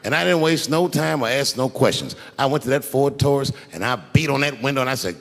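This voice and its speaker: This comic's voice is gravelly, medium-pitched, and a little fast. Standing on a big theater stage with an audience, he tells a long, profane tale conversationally, building to punchlines, as the hall's long reverb rings out.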